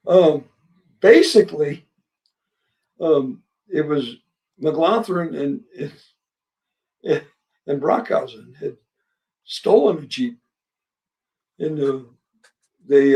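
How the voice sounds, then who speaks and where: A man's voice: fairly high pitch, dark tone, distant mic. Rambling storyteller in his seventies, off-mic. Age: 70s. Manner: rambling, halting, chuckling storyteller. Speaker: guest, war veteran. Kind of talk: storytelling interview.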